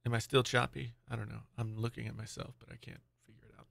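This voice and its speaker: A man's voice: mid-range voice, huge pitch swings, fast, vocal fry, fairly bright tone, no echo, studio quality. A man hosting a casual live tech stream, rambling and distracted as he talks to his chat, angry today.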